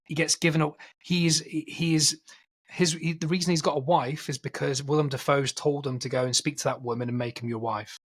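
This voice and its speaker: A man co-hosting a film podcast, casually retelling a film's plot in a rambling, animated way and acting out quotes. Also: on the high side, a little fast, breathy edge. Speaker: podcast co-host.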